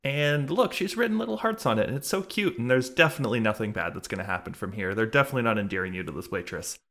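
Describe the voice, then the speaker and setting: A man's voice: medium pitch, lively intonation, fast, a bit bright. Man, podcast co-host, casual recap chat, joking, stumbling restarts.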